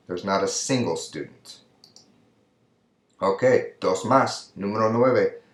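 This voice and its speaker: Slow-talking man teaching Spanish grammar. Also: sits low, lively intonation, roomy sound. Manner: patient, explains step by step in English and Spanish. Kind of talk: recorded classroom lesson.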